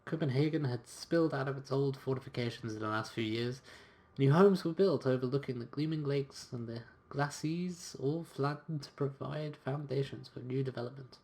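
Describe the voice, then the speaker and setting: A man's voice: medium pitch, moderate pace. Man casually reading a game story. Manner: relaxed, reading narration with occasional quoted voices. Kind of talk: casual let's-play commentary and reading aloud.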